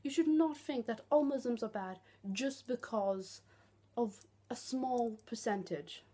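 A woman's voice: on the high side, unhurried, mellow, slightly rough. Young woman ranting bluntly. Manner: blunt, sarcastic, heavy swearing. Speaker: vlogger. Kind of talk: ranting vlog.

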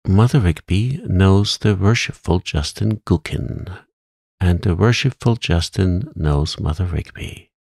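A man's voice: low voice, measured pace, vocal fry, darkish tone, husky, dry recording, clean studio sound, full character voice. A man voicing a cunning, doting old witch with a coaxing, conspiratorial manner in a storybook reading.

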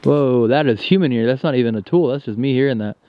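A man hosting a paranormal investigation, talking excitedly and insistently outdoors at night and often repeating himself. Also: mid-range voice, quick pace, no room sound, lo-fi sound. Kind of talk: excited on-location commentary.

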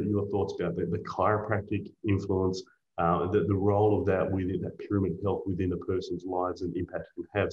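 A male host with a very low voice asks long, winding interview questions. The sound is dull and muffled, with an echoey room around him. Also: darkish tone. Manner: rambling, long wind-up questions with fillers.

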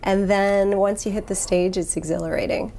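A woman trial lawyer, a guest in an interview, answering with enthusiasm and lively storytelling. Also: medium pitch, moderate pace, creaky.

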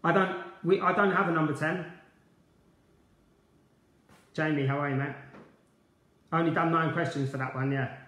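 A man's voice: a little high, fairly even intonation, normal speed, pauses often, fairly bright tone, reverberant. Chatty man hosting a quiz. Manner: chatty, upbeat, greeting viewers by name. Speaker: quiz host, former player. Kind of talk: live-streamed quiz night chat.

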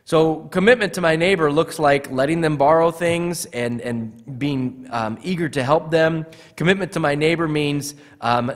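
A pastor preaches earnestly in a church sanctuary, often repeating words as he begins a phrase, with the hall's reverb audible. His voice is mid-range with a fairly bright tone.

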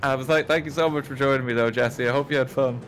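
A man wraps up a shared stream in easy, teasing conversation, laughing often. His pitch sits at an ordinary middle height. Faint music plays behind him. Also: fairly even intonation, quick pace. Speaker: guest streamer. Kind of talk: casual chat.

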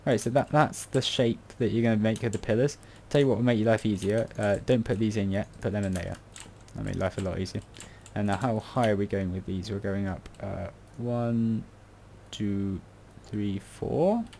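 Gravelly British man rambling to himself. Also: lowish voice, moderate pace, a little mellow, a little hiss or hum. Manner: rambling, self-mocking, muttering to himself. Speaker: game tutorial creator. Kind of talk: casual building tutorial commentary.

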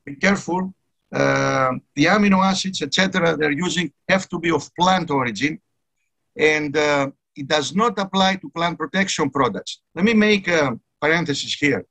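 Guy giving a conference talk, kinda high bright voice, earnest, keeps stressing words. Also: moderate pace, creaky. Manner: earnest, emphatic, repeats key words. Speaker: conference speaker. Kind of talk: technical conference presentation.

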